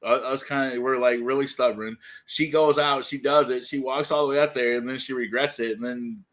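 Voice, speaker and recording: A man's voice: medium pitch, steady tone, fairly quick, a bit bright. Casual male co-host, rambling, filler-heavy talk. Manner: rambling, filler-heavy, says "like" and "dude" often. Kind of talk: casual livestream chat.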